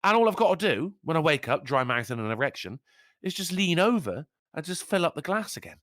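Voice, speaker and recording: Man, bright animated voice, swears a lot, casual podcast chat, dry close mic. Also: on the high side, brisk, no echo. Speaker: podcast co-host.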